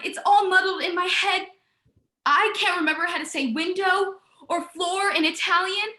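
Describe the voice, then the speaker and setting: A woman's voice: very high-pitched, pushed and bright, reverberant. A young actress playing a despairing young woman, weary of her life, speaking in anguished, repeating words. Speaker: student actor. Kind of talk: stage drama monologue.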